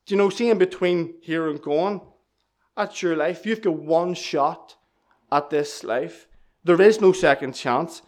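High-voiced preacher, urgent. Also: male voice, measured pace. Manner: urgent, pleading, repeats key phrases. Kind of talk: evangelistic sermon.

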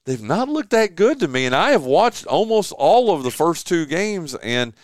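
A man's voice: a little high, normal speed. A man hosting a sports radio show from his home man cave, chatting casually and joking with a guest. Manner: animated, joking, lots of fillers and restarts.

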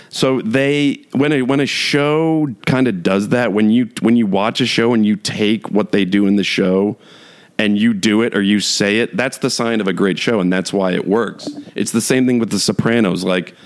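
A young man with a lowish voice talks off the cuff. He rambles through a mock-exasperated rant, stacking fillers and restarting sentences with a laugh never far off. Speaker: podcast host. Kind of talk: casual solo chat.

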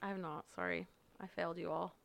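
A woman's voice: lowish voice, big pitch swings, fast, creaky, no echo. A woman guesting on a podcast, blunt and teasing in casual chat.

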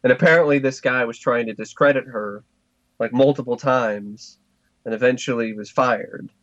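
A man co-hosting a casual podcast chat, relaxed and agreeable, with some casual cursing. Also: mid-range voice, normal speed, no room sound, muffled recording. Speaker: podcast co-host.

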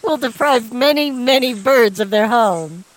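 A woman playing a dry, deadpan grown son camping with his father in an improvised comedy scene, questioning his father's odd remarks. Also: a little high, measured pace, slight background noise, rough recording.

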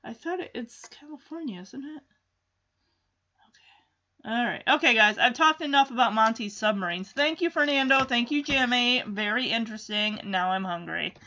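Chatty woman vlogger, bright lo-fi voice. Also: on the high side, moderate pace. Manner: chatty, exclamatory, lots of ooh. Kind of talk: casual reaction commentary.

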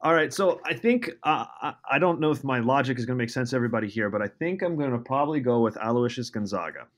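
A man's voice: mid-range voice, animated, fast. A man co-hosting a podcast, wry and hesitant, with dry humor. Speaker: podcast co-host. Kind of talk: casual chat.

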